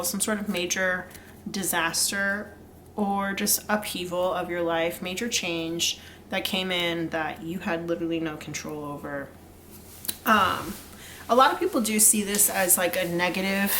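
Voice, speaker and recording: A woman's voice: fairly low pitch, fairly bright tone, a little hiss or hum. A young woman doing a casual pick-a-card tarot reading, chatty and rambling with lots of fillers and laughs. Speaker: tarot reader.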